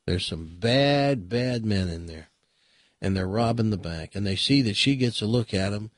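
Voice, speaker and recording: Animated, husky-voiced radio host. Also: male voice, lowish voice, moderate pace, no echo, studio quality. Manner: animated, dramatic storyteller. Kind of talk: casual chat and joke telling.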